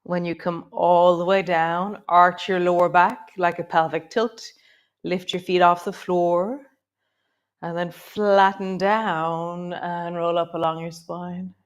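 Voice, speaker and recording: This woman's voice is on the low side, smooth and level in tone. She's teaching a live yoga class, offering soft, encouraging cues between chatty asides and easing her pace and volume as she guides each pose.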